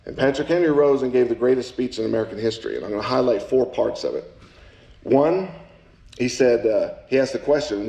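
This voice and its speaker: A man giving a live speech at a public celebration, folksy, with jokes for the crowd, and slow and emphatic on his key lines. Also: medium pitch, gravelly, dark tone. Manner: folksy, joking asides with the crowd. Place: event hall. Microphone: handheld mic at a podium. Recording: echoey room.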